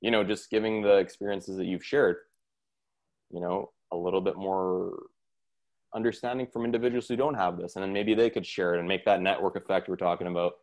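A man's voice: deep voice, fairly even intonation, a little fast, darkish tone. A man hosting a podcast interview, asking rambling questions full of fillers. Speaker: podcast host.

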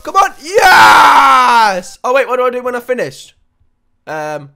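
High, excitable young man gaming. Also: takes it slowly, vocal fry, faint music behind. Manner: shouty, panicky, swings between yelling and muttering. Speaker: gaming YouTuber. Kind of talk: excitable let's play commentary.

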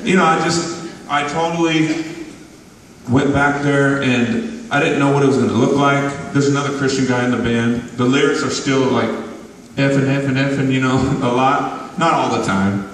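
A man's voice: medium pitch, steady tone, normal speed, far from the mic, slight background noise. A man giving a loose, rambling testimony in an interview, laughing often, recorded from afar in a large hall. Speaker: guest musician.

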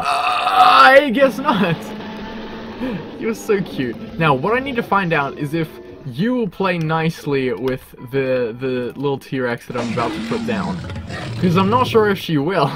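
Excitable man with a lively, high-ish voice. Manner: excitable, laughs often, talks to game animals. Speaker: gaming channel host. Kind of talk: casual gameplay commentary.

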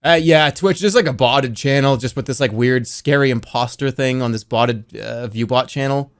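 A man's voice: mid-range voice, moderate pace. A man streaming a game live, talking casually with frantic, laughing outbursts. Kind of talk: live-streaming gameplay chat.

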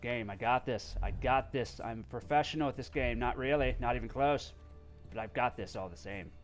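A man's voice: medium pitch, normal speed, soft background music. A man giving playful let's-play commentary, talking to the game and breaking into squeals and laughs. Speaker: gameplay video host.

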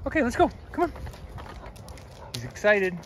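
A man's voice: high-pitched, huge pitch swings, moderate pace, a bit bright, a little hiss or hum. A man hosting a dog vlog at home, chatting fondly and repeating commands to his dogs in the yard and house. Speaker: dog channel host. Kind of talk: casual vlog talk.

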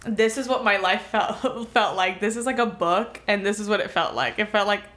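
A woman's voice: mid-range voice, normal speed. A woman from Miami telling a wild story in a casual podcast chat, rambling and full of filler words. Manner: rambling, filler-heavy, animated retelling. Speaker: podcast co-host.

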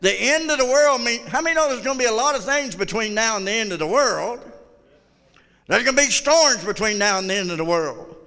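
A man's voice: extremely high pitch, animated, a little fast, bright, forceful tone, smooth, long reverb tail. A man pastor preaching a blunt, folksy sermon with call-and-response to his congregation. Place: church sanctuary.

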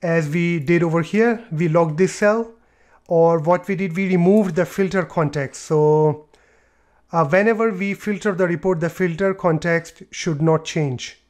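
Male tutor, higher-pitched, talks through each click plainly, light typing in background. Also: measured pace, darkish tone. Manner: explains step by step with fillers and repeats. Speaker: tutorial presenter. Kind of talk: screen-recorded software tutorial.

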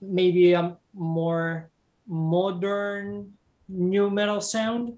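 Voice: medium pitch, level tone, very slow, darkish tone, lo-fi sound. An interviewer speaks in a mid-range voice. The questions are short and simply put.

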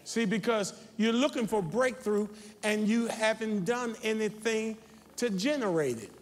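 A man preaching a sermon as pastor, talking straight to his congregation and building to shouted, confrontational calls. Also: sits high, measured pace. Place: large church sanctuary. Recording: reverberant church sanctuary.

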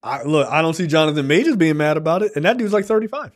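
A man's voice: fairly high pitch, animated, quick pace. Profane, rambling male movie reviewer. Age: 40s. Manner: loose and profane, with many fillers and acted-out quotes. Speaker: podcast co-host. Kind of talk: casual movie review chat.

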